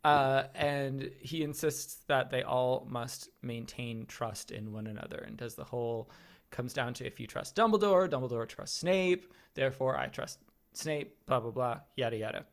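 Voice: medium pitch, lively intonation, moderate pace. A podcast co-host in casual chat, sarcastic and profane, recapping scenes.

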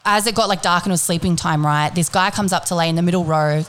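A woman telling a story in casual chat, animated and swearing freely, acting out what people said. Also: lowish voice, fast. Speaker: podcast co-host telling a story.

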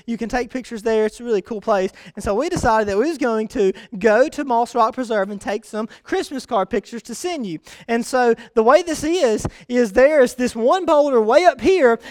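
A man preaching a sermon, telling a rambling personal story with sudden excited bursts. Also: very high-pitched, smooth, dry recording. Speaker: pastor.

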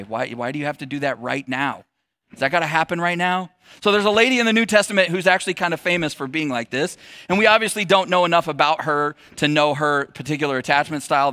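A man's voice: a little high, bright, forceful tone, dry recording, clean studio sound. A middle-aged man giving a sermon in a conversational, joking way and putting questions to the audience. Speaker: pastor.

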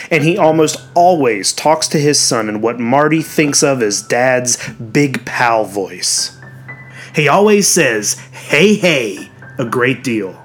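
A man narrating a story in a measured reading, giving the characters their own voices. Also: mid-range voice. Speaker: audiobook narrator. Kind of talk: scripted narration.

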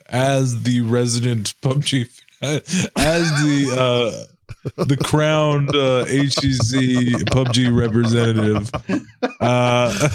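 A man joining in on casual podcast banter with deadpan, joking asides, often wandering off his point. His voice is mid-pitched and the sound is dry and close. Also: no echo. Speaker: podcast co-host.

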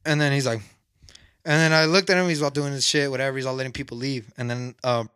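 A young man rattles through a rowdy story at high speed, his voice bright and a little high. He rambles and swears as he goes, in a dry, close sound with no room around it. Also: steady tone, quick pace, clear, resonant tone, no echo. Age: young adult. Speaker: podcast guest storyteller. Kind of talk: casual storytelling chat.

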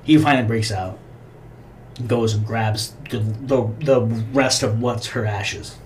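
A man's voice: lowish voice, fairly even intonation, unhurried, slight background noise. A man co-hosting a podcast, casually retelling a film scene in a profane, rambling way. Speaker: podcast co-host. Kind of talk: casual chat.

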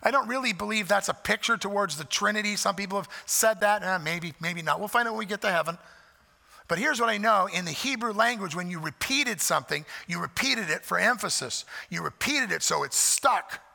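A man preaching a sermon, emphatic, swelling loud on repeated phrases, with folksy asides. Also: high-pitched, animated, fairly quick, gravelly. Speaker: pastor. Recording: long hall reverb.

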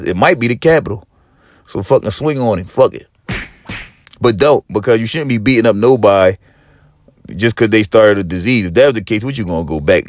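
A man hosting a podcast, telling a profane comedic monologue with lively storytelling, acting out other people and rising to yelling. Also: lowish voice, no room sound, clean studio sound. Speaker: podcast host.

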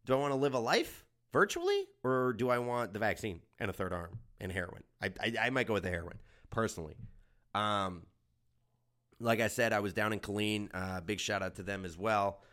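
A man's voice: on the low side, lively intonation, brisk, fairly bright tone. A young adult man from Germany hosting a comedy podcast, riffing crudely and sarcastically. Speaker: podcast host.

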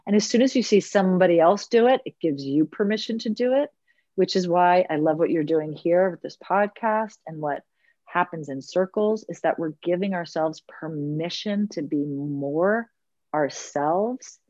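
A woman with a lowish voice talks about her circle work in a slow, earnest way, leaning on the words that matter to her. The sound is dry and a little dull, like remote audio. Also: warm tone, dry recording. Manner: earnest, unhurried, stretches key words. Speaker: guest, leads women's circles. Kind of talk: reflective podcast conversation.

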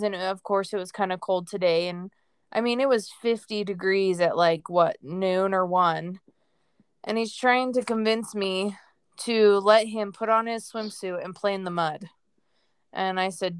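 A woman's voice: medium pitch, clear, resonant tone, no room sound, clean studio sound. A woman co-hosting a parenting podcast, chatting casually about her kids and laughing easily. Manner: slow, relaxed, laughs easily. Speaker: podcast co-host, mother. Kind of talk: casual chat.

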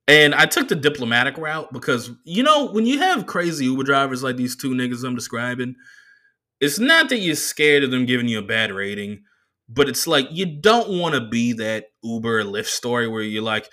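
A man in his thirties hosting a solo podcast who tells stories in a profane, animated way. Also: medium pitch, normal speed. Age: 30s. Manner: profane, animated, laughing asides. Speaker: podcast host. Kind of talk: solo comedic storytelling.

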